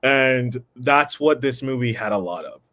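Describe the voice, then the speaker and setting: A man with a mid-range voice weighs in on a film in a calm, measured way. He explains his points carefully and brings in terms from the industry. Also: medium pitch. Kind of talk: casual movie review chat.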